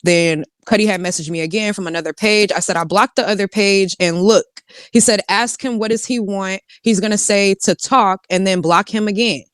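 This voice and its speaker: Woman, reads chat logs aloud with side comments, smooth voice, dry close sound. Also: medium pitch, steady tone, normal speed, no echo. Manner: reads texts in quotes, with asides and swearing. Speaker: guest reading out text messages. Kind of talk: casual reading of text messages aloud.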